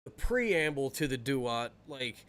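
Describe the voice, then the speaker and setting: A man's voice: mid-range voice, slow. A man co-hosting a casual podcast, who laughs a lot and acts out quotes as he talks. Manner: animated, laughing, acting out quotes. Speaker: podcast co-host. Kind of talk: casual chat.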